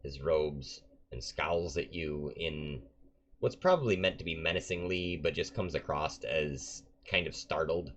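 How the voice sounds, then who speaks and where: A man narrating a tabletop game as game master, in a relaxed way with many ums and uhs. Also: rumbling low, unhurried. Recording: dull lo-fi recording.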